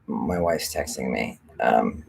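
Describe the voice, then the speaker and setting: A man's voice: rumbling low, expressive, slow, gravelly, darkish tone, a little hiss or hum. A man hosting a live stream and talking casually about rewriting a script, rambling and candid, with lots of fillers and casual swearing. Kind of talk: casual livestream chat.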